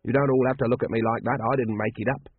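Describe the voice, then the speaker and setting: Man doing a plodding earnest cult member, husky voice, thin phone-like sound. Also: mid-range voice, steady tone, fast, no echo, close to an everyday voice. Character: simple-minded male cult member. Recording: dry, tinny, phone-like sound.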